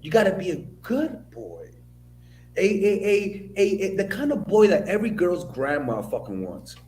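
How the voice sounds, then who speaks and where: A man from the Dominican Republic comments on video in an opinion monologue, blunt and profane, telling stories with real animation. His voice sits high and moves at a moderate pace. The recording is roomy and echoey, with a little hiss or hum.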